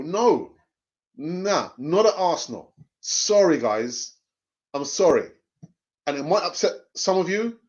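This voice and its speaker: Guy hosting a live fan stream, reading out chat comments, kinda high voice, muffled lo-fi sound. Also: lively intonation, normal speed. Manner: passionate, repeats phrases for emphasis. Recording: dull lo-fi stream audio.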